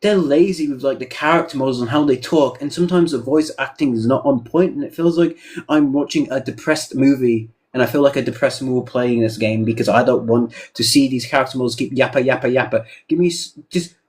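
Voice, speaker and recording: Man, podcast co-host, emphatic gamer opinions, mid-pitched, conversational. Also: fairly quick, a little mellow, slightly rough. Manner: opinionated, emphatic, many "you know" asides. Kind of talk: casual podcast chat.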